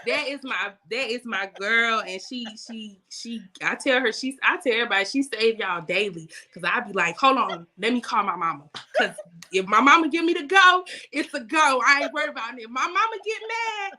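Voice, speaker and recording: A young adult woman guest telling faith stories in a casual, animated way, laughing often and speaking in vernacular. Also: a little high, moderate pace. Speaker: guest, business owner.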